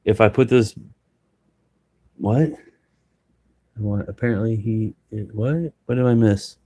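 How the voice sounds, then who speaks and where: A man talking casually and rambling with many fillers, a licensed auctioneer who breaks into a rapid auction chant. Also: fairly low pitch, mellow, breathy edge. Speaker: reseller and auctioneer. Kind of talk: casual live chat.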